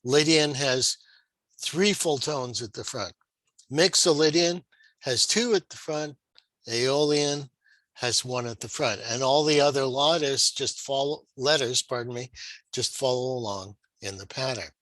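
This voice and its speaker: A man's voice: mid-range voice, a little slow, a bit bright, no echo, low-quality recording. A man teaching guitar modes in a screen-shared lesson, patient and explanatory, asking the viewer rhetorical questions.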